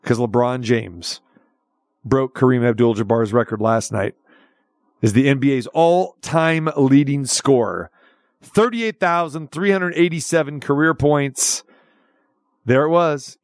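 A man's voice: medium pitch, no room sound, clean studio sound. A man hosting a sports radio show, talking in a casual, jokey, rambling way. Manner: jokey, rambling, switches dialects playfully.

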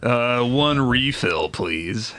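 A man's voice: medium pitch, animated, drawn-out words, a bit bright. A man playing a tabletop game, joking playfully as his character. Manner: jokey and playful. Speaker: player.

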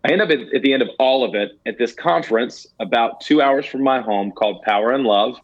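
A man's voice: medium pitch, brisk. Guy sharing a heartfelt story, kinda laughing at himself, trips over words, muffled lo-fi sound. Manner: earnest, self-deprecating, stammering restarts. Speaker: guest telling a ministry story. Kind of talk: candid personal storytelling.

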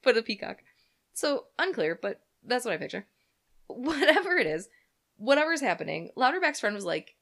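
A woman's voice: on the high side, very animated, normal speed, vocal fry, fairly bright tone. A woman co-hosting a podcast, telling a story in chatty, giggly casual talk. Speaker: podcast co-host.

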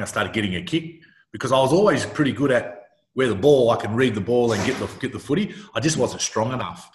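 A middle-aged Australian man, a retired footballer, telling stories in an interview, acting out the voices of the people he quotes and often restarting his sentences. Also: medium pitch. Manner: animated storyteller who acts out quoted voices, restarts often. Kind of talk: casual interview storytelling. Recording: roomy echo.

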